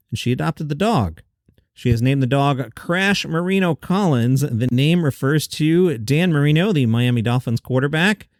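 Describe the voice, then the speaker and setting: A man's voice: mid-range voice, a little mellow, dry recording, clean studio sound. A man hosting a light news round-up, chatty with joking asides. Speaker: host. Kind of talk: upbeat news round-up with jokes.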